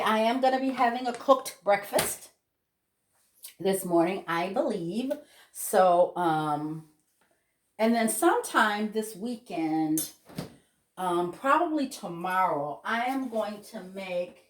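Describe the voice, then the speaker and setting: A woman's voice: lowish voice, slight background noise. A middle-aged woman talks casually in her home kitchen as she cooks. She rambles, restarts her sentences and fills the gaps with ums. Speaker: cooking vlogger. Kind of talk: casual kitchen vlog chat.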